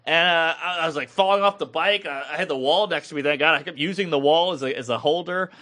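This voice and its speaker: A man in his thirties co-hosting a podcast, telling a comic story in casual chat and acting out other people's voices. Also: fast. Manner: animated, acts out other people's voices in high falsetto. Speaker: podcast co-host.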